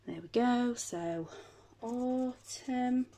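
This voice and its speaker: A woman chatting casually at home as a budgeting vlogger, counting banknotes aloud in a steady patter. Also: a little high, extremely slow, slight background noise. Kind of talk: casual chat while counting cash.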